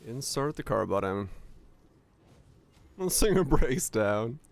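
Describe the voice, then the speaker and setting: A man's voice: medium pitch, very animated, slow pace, gravelly. Casual, profane young man streaming a game. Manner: casual, profane, chatty with chat. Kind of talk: casual gaming stream chat.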